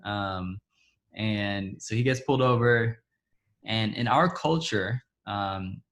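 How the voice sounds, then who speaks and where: A man telling a story from his own life in a relaxed way. His speech is loose and halting, and he often stops to fill gaps or start over. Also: on the low side. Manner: hesitant, full of fillers and restarts. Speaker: church guest speaker. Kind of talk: personal storytelling.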